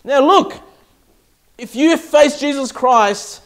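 A man's voice: very high-pitched, slow pace, fairly bright tone. A male pastor preaching a sermon, emphatic and often checking in with "okay?" and "all right?".

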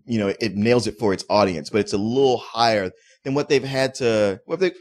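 A man's voice: on the low side, brisk. A man co-hosting a movie review show, giving his take in an easygoing, casual way. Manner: easygoing, laughs along, restarts his sentences. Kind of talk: casual chat.

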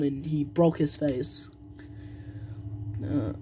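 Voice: mid-range voice, slow pace, long pauses, over music. A young narrator telling a toy play story, rambling and stalling with fillers and humming, indoors at home.

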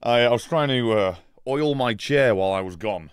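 A man's voice: medium pitch, normal speed, clean tone, no room sound, clean studio sound. A man casually chatting on a live stream, rambling and swearing, laughing often as he reads chat.

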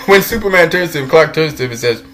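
A man's voice: on the high side, fairly bright tone, slight background noise. A man casually talking about superhero movies, laughing often and playfully putting on voices for the characters he recalls. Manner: laughs often, breaks into giggles between sentences. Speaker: movie commentator.

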